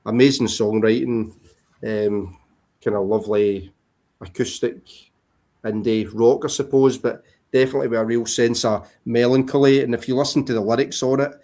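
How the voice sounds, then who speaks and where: A man in a casual video call chat, showing records and rambling with many pauses and ums. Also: medium pitch, a little mellow. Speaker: vinyl collector showing records.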